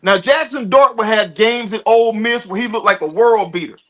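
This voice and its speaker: Man, bright high voice, wry, laid-back, slangy sports talk. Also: moderate pace. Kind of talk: casual sports chat.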